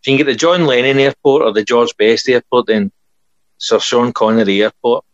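A man's voice: mid-range voice, a little fast, dry recording, highs cut off. A Scottish man co-hosting a podcast, telling chatty stories and laughing often. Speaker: podcast co-host. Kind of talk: casual chat.

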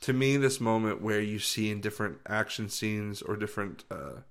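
Guy w a lowish voice chatting, kinda rambly, hunts for words. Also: normal speed, smooth. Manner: rambling, searches for words, restarts. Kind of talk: casual chat.

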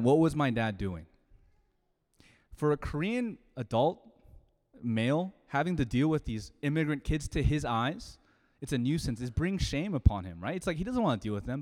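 A man in his thirties preaching a sermon, telling a personal story in a conversational way with sudden loud emphasis. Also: a little high. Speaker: pastor. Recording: long hall reverb.

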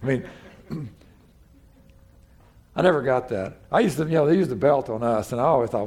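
Man, pastor, gravelly voice, folksy sermon, conversational with restarts. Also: medium pitch, brisk, pauses often, darkish tone.

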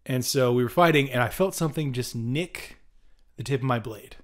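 A young man co-hosting a podcast, telling a story in a casual, animated way, with ums and some throat clearing. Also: medium pitch, normal speed. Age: young adult. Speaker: podcast co-host.

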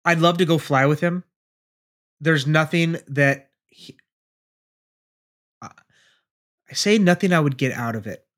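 A man's voice: fairly high pitch, a little slow, long pauses, a bit bright. A young man co-hosting a podcast in casual chat, joking, swearing and acting out what others might say. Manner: joking, swearing, acts out quoted voices. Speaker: podcast co-host.

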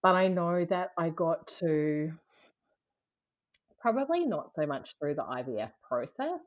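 A woman's voice: sits low, unhurried. A woman in her thirties, a guest in a casual interview, telling a personal story candidly and laughing often. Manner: candid, laughs often, lively when retelling.

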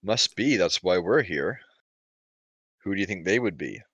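A man playing a gruff barbarian witch hunter in a tabletop game, talking low and slow with probing questions. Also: animated, a bit bright, no room sound, muffled recording, exaggerated voice. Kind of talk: tabletop game role-play.

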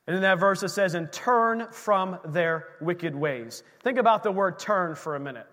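A male pastor preaching a lively sermon to his congregation, calling out to the church for responses. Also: high voice, moderate pace, in a large hall. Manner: energetic, call-and-response preaching. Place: church sanctuary.

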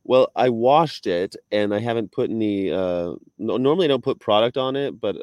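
A man's voice: on the low side, a little mellow, no room sound. A man hosting a casual video-call chat, talking in a chatty, playful way. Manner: chatty, playful, does quick impressions. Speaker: host. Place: on the road in Virginia.

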